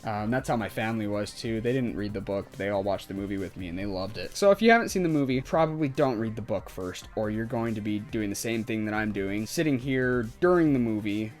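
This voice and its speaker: A man's voice: on the low side, fairly quick, few pauses, faint music behind. Casual ranting young-sounding man vlogger. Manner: casual, ranting, heavy use of "like" and "um". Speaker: YouTuber. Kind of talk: ranting vlog commentary.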